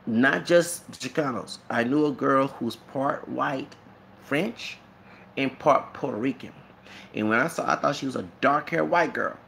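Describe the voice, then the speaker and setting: This Texan YouTuber speaks a little slowly in a creaky, mid-range voice, with slight background noise behind him. His casual monologue rambles along, animated, with many asides and lots of laughing.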